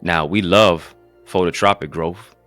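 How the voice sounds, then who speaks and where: A pastor delivers motivational preaching in an emphatic, repetitive cadence packed with rhetorical questions. His voice sits low and steady, unhurried and slightly bright, with faint music in the background.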